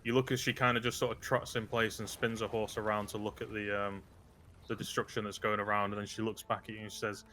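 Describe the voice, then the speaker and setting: A man's voice: lowish voice, level tone, fast talker, bright, forceful tone, faint music behind. A man narrating a tabletop role-playing game as game master, describing scenes with many ums and uhs. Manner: hesitant, filler-heavy narration.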